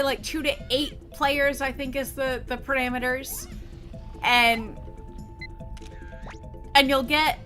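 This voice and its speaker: A woman's voice: on the high side, pushed and bright. A woman gaming streamer chatting casually while she plays, rambling and swearing freely. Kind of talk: casual chat while playing. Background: faint game music.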